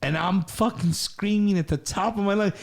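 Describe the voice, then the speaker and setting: Over a noisy crowd, a man from Texas hosts a group talk show, loudly telling a long story that's rambling, profane, and often repetitive. His voice sits high, with vocal fry and a moderate pace.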